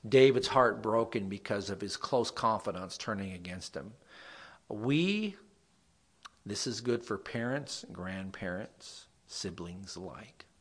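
A man preaching a sermon, reading scripture loudly and with force, then dropping to quiet, folksy asides and stories. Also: lowish voice, husky. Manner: rises to loud emphatic scripture reading, drops to quiet asides; folksy storytelling.

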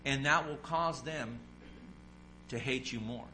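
A man's voice: mid-range voice, slow, bright, forceful tone, faint music behind, poor audio. A man preaching a sermon, asking the congregation questions and acting out the voices of people in his stories. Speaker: pastor.

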